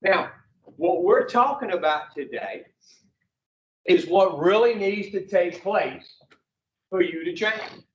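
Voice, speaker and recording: Recovery group leader, male, high-pitched and unhurried, blunt and cussing; roomy, distant, dull recording. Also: lively intonation, slight background noise. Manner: blunt, profane, quizzes the group. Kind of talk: teaching a recovery class. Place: room with a group.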